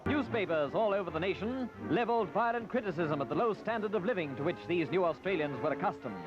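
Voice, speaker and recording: Guy doing stiff old newsreel narration, high voice, music under it. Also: lively intonation, quick pace, highs cut off. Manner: formal, declamatory. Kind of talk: scripted archival newsreel narration.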